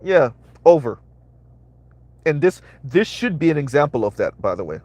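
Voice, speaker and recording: A man's voice: a little high, sing-song, moderate pace, a little mellow, dry recording. A man hosting a live-streamed commentary, talking emphatically, repeating his phrases and asking "right?" again and again. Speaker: commentary channel host.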